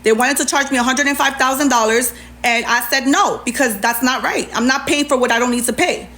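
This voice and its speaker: A woman's voice: high-pitched, fairly quick, pushed and bright. A woman ranting on a livestream, sassy and indignant as she reads out messages and answers back.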